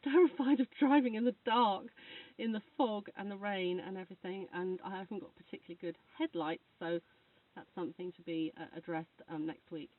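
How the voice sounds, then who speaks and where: Rambling, chatty woman vlogging about her healing work; thin, phone-like sound, away from the mic. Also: medium pitch. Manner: rambling, chatty, laughs while talking. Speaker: Reiki practitioner. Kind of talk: casual chat to camera. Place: indoors, snuggled under a duvet. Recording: tinny phone-like sound from far off.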